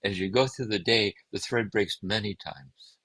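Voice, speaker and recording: A man speaking as a guest, giving a gentle, meditative talk on contemplative prayer and often circling back to repeat his phrases. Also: lowish voice, normal speed, vocal fry, husky, no room sound, low-quality recording. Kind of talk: reflective spiritual teaching.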